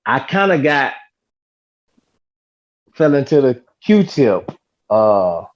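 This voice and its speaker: A man in a casual podcast debate, talking in a relaxed, hesitant way and tacking "man" onto his sentences. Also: mid-range voice, extremely slow, dull audio. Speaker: podcast co-host.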